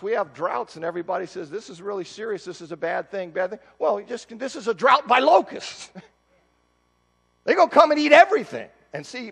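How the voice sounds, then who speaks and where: A man's voice: high-pitched, vocal fry, fairly bright tone, breathy edge. A man preaching an expository sermon, reading scripture and explaining it, with emphatic rising bursts. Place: church sanctuary. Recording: long church reverb.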